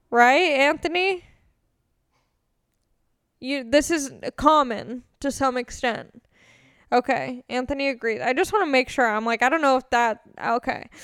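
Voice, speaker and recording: Her voice sits high and sounds clear and resonant, recorded in a clean studio with no room sound. She's a young woman from California hosting a podcast, answering questions in a rambling, crude, casual way with many fillers.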